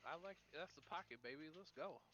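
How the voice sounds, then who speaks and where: A man's voice: a little high, fairly quick, bright, forceful tone, highs cut off. A man playing a tabletop game, boisterous and hyped up, swearing freely. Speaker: player. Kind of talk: casual tabletop game play on a live stream.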